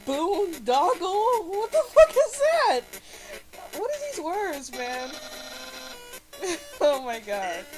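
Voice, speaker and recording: A woman's voice: extremely high pitch, very animated, takes it slowly, pauses often. A young woman commenting live on a video game as she plays, swearing often and breaking into fits of laughter and shrieks. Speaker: let's play gamer. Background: game music.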